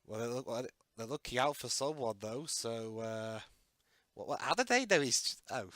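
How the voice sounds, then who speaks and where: A man's voice: medium pitch, expressive, moderate pace, fairly bright tone, dry recording, studio quality. A man co-hosting a casual movie commentary with wry, joking remarks. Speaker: podcast co-host.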